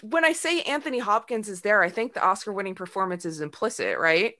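A woman's voice: mid-range voice, big pitch swings, fast talker, pushed and bright. A woman co-hosting a podcast, chatting casually with many fillers and frequent laughter as she recaps a TV episode. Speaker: podcast co-host.

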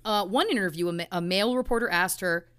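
A woman's voice: medium pitch, fast talker, fairly bright tone, clean tone. Chatty indignant podcast woman. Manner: chatty storyteller, indignant asides. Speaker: podcast co-host. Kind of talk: casual true crime podcast chat.

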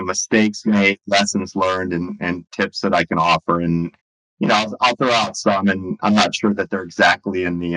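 A business owner appearing as a guest tells stories casually, rambling and full of fillers. His voice sits on the low side, bright and forceful, and the audio quality is poor.

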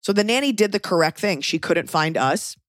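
Animated and fairly low-pitched at a normal speed, this woman in her thirties hosts a podcast and tells a casual story, rambling, cursing, and leaning on fillers. Dry, studio-quality recording.

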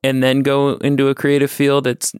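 A man's voice: mid-range voice, monotone, moderate pace, smooth, dry recording, studio quality. A man, a comedy writer guest on a podcast, chatting in a laid-back, self-deprecating way. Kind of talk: casual comedic chat.

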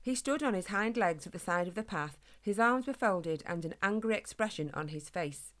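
A woman narrating a children's storybook in an expressive, clear read-aloud manner. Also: medium pitch, normal speed.

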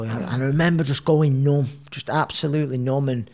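A man's voice: mid-range voice, fast talker, gravelly, hardly any pauses. Rambling man telling a story. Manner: rambling, animated retelling with many fillers. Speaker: guest, boxer. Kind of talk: storytelling in a podcast interview.

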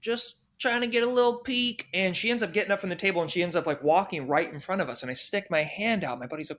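A young adult man telling a long anecdote in a casual, profane, animated rambling way. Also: high-pitched, quick pace. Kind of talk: casual storytelling.

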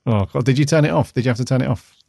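A man co-hosting a fan podcast, chatty and upbeat, often pausing with ums. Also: medium pitch, vocal fry, a little mellow, no echo, studio quality. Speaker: podcast co-host. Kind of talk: casual chat.

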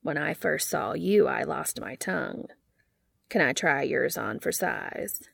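A woman voicing an eager, flirty male skeleton who speaks in corny pickup lines with a deep, dudeish voice. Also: expressive, measured pace, vocal fry, fairly bright tone, no echo, exaggerated voice.

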